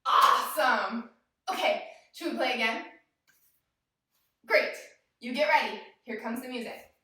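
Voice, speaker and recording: A woman's voice: fairly high pitch, a little slow, pushed and bright, recorded from a distance. A young woman leading a yoga class for small children, cheerful and sing-song, talking straight to the kids. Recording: echoey room, voice from off the mic.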